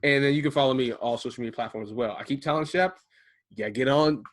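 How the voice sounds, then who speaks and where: A man co-hosting a casual podcast from his garage, telling stories with animated delivery and acting out the voices of people he quotes. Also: mid-range voice, fast talker. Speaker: podcast co-host. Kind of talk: casual conversation. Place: home garage.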